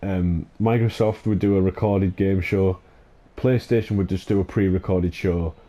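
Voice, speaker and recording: A man's voice: low-pitched, fairly even intonation, normal speed, warm tone. A man hosting a gaming channel, ranting in an exasperated, sweary way, full of fillers and restarts. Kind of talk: ranting commentary over gameplay.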